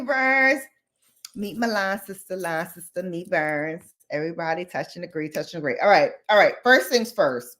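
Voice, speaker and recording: A woman hosting a casual live stream, chatting with viewers and ranting in an animated, slangy way with lots of laughter. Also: mid-range voice. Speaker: livestream host. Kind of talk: casual live chat and rant.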